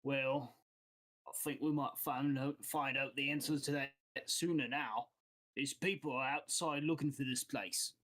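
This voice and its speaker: Guy doing a blunt street-wise guild boss w/ a put-on accent, mid-pitched, conspiratorial. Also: fairly even intonation, a little slow, sharp tone. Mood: worried.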